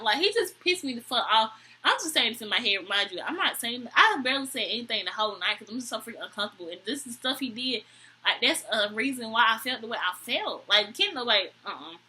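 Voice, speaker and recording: A young woman, talking straight to camera in a storytime vlog. Her voice is husky and very bright, pitched a little high. She tells it with animated exasperation, jumping up high to mimic people. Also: a little fast, low-quality recording. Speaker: vlogger.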